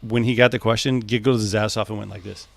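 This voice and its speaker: A man co-hosting a podcast in loose, profane casual chat, animated and quick to laugh. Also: lowish voice, creaky, noisy background. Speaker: podcast co-host.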